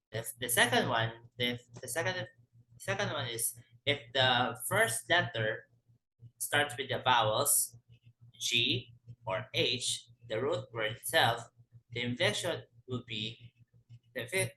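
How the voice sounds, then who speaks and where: A man's voice: mid-range voice, bright, forceful tone, reverberant, low-quality recording. A man teaching a language lesson, explaining word by word with frequent restarts and self-corrections. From Philippines. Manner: halting, corrects himself often.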